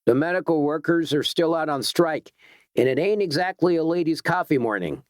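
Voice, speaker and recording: A tough street cop in a spoken story, blunt and streetwise, put on by a male narrator. The voice sits higher than the reading voice. The sound is dry and close. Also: lively intonation, normal speed, no echo, lightly acted. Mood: gruff warning. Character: gruff street cop, middle-aged man.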